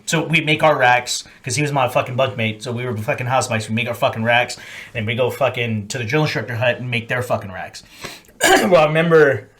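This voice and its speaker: A young man, a former Marine co-hosting a podcast, telling crude boot camp stories and acting out yelling drill instructors. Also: medium pitch. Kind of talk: crude casual storytelling.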